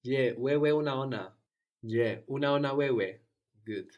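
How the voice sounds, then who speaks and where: A man teaching a language lesson, patient and prompting, often checking understanding with a quick "no?". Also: mid-range voice, darkish tone, muffled recording.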